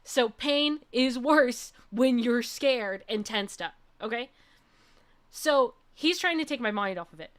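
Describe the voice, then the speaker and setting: A young woman VTuber telling a story in a casual, animated way, laughing often and checking in with "okay?". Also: fairly high pitch, takes it slowly. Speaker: VTuber streamer.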